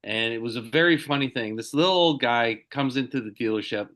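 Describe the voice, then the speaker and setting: A man, a podcast host, telling a story in a casual, halting way with many restarts. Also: medium pitch, fairly bright tone.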